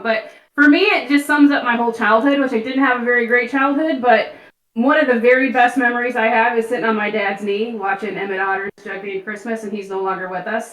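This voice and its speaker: A woman's voice: a little high, a bit bright. A woman chatting as a podcast guest, talking in a heartfelt, sentimental way. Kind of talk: casual chat. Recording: roomy, distant from the mic.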